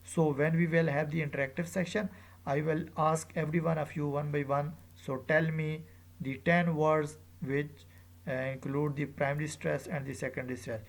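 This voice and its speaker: Gravelly, hesitant teacher lecturing students. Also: mid-range voice, flat delivery. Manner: hesitant, repeats phrases with many fillers; drawn-out, emphatic example words.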